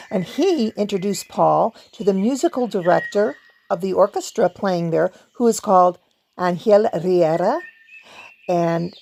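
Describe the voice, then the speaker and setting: A woman hosting a casual vlog, chatting warmly about pictures and reading from a book, laughing now and then. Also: medium pitch, vocal fry. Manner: chatty, laughs often, hums song snippets. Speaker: video host; performer.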